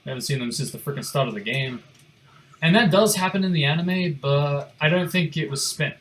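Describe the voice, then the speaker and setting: A man's voice: a little high, brisk, a bit bright, a little hiss or hum. A young man giving casual gameplay commentary, rambling, muttering to himself and swearing now and then. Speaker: gaming streamer.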